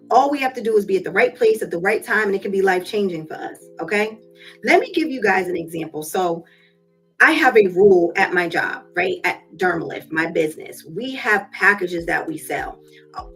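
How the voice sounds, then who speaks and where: A woman's voice: medium pitch, fairly bright tone. A woman hosting a live stream from her home office, giving a casual motivational talk with chatty storytelling and calling listeners y'all. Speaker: live stream host and business owner.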